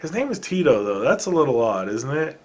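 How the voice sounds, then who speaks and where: Alone at home with dogs nearby, a male podcast host rambles casually from one point to the next, tossing in wry, self-deprecating asides. His middle-pitched, slightly rough voice is very animated and fairly quick, full of restarts, ums and uhs.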